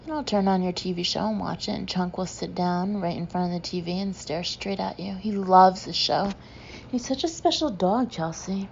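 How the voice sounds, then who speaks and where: A woman voicing a gay Texan man, a doting dog lover who gushes earnestly in a deep twang. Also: normal speed, vocal fry, lo-fi sound, slight background noise. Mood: gushing. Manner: gushing, earnest.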